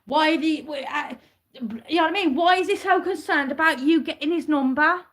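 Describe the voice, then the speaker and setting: High-voiced woman in a heated rant. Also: moderate pace, fairly bright tone. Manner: heated, rambling rant with swearing and repeated questions. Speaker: vlogger. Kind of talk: ranting to camera.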